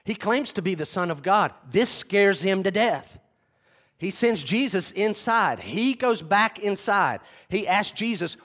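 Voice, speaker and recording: A man's voice: high-pitched, lively intonation, moderate pace, a bit bright. A man preaching a sermon, retelling scenes dramatically and acting out the voices of the people in them. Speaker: pastor.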